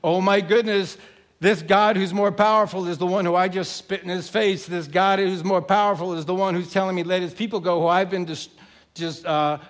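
A man's voice: high voice, steady tone, normal speed, lightly acted. A man voicing a cruel, defiant male king who taunts and scoffs. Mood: alarmed.

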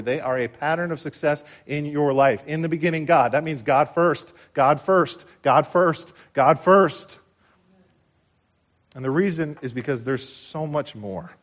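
A male pastor delivering a sermon in a slightly raised voice. He preaches with passion, rising to loud declarations and dropping to near-hushed lines. He repeats key phrases for emphasis. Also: on the high side. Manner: impassioned preaching with big swings from loud to hushed.

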